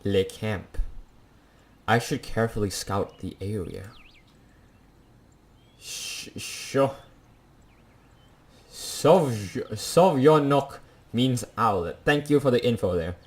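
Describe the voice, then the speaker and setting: A man's voice: fairly low pitch, animated, a little slow. Young man reading a visual novel aloud. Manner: jokey asides between dramatic read lines. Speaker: let's play gamer.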